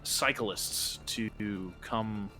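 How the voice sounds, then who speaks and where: A man's voice: fairly low pitch, drawn-out words, pushed and bright, faint music behind, exaggerated voice. A man doing an eager small-town councilman. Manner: folksy, eager salesman tone.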